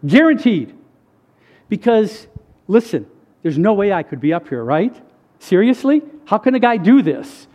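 Earnest high-voiced man giving a testimony. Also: very animated, a little slow, pauses often, a little mellow. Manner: earnest, emphatic, addresses the crowd directly. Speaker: speaker sharing a faith testimony. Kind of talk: conversational sermon testimony.

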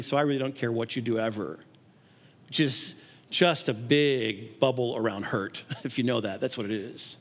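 A man preaching a sermon in a conversational way, acting out little scenes and laughing along the way. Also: a little high. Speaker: pastor.

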